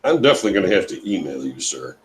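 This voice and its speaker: Brief: deep-voiced laid-back man, slow and lively in pitch, laughs along. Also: slight background noise. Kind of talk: casual livestream chat.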